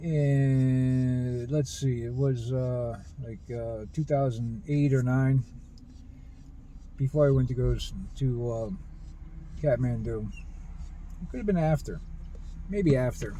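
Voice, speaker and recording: A man talking in a rambling personal monologue about spiritual ideas, earnest and halting, with many restarts. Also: medium pitch, mellow, a little hiss or hum, poor audio. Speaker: spiritual video host.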